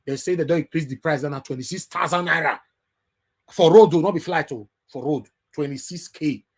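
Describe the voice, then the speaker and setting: A man with a Nigerian Pidgin English accent hosting an online call-in show, lecturing in a preachy way that rises to loud emphatic bursts. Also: a little high, fairly quick, breathy edge. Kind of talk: impassioned live talk show.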